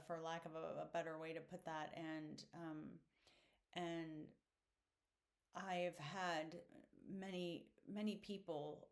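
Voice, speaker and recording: A woman hosting a podcast, talking through a reflective solo monologue in an earnest, candid way with plenty of fillers. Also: fairly low pitch. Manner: unhurried, thoughtful, many fillers. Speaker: podcast host.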